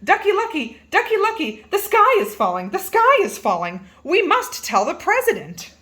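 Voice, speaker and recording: A woman's voice: very high voice, wildly swooping pitch, moderate pace, sharp tone, pitched above the performer's own voice, full character voice. A woman reading aloud and voicing a dim-witted, panicky hen who shrieks her alarm. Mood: panicked.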